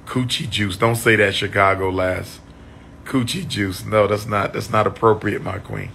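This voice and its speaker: A man chatting on a livestream, losing his voice, repeating shout-outs to his viewers. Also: on the low side, steady tone, normal speed, vocal fry, slight background noise. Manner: repetitive, call-and-response shout-outs to viewers. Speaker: livestream host. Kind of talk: casual livestream chat.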